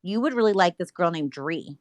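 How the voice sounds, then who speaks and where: A woman's voice: lowish voice, expressive, fairly quick, no echo. A young woman from California with a Bay Area accent, hosting a casual livestream chat and teasing her callers. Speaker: livestream host.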